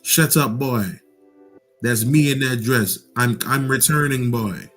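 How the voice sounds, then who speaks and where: A man voicing a teasing spirit figure with a Haitian accent, higher and louder than his own voice. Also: slow pace, faint music behind.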